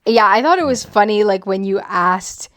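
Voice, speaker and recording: A woman's voice: medium pitch, animated, moderate pace, a bit bright. A young woman co-hosting a podcast in casual chat, often laughing and chiming in with agreement. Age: young adult. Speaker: podcast co-host.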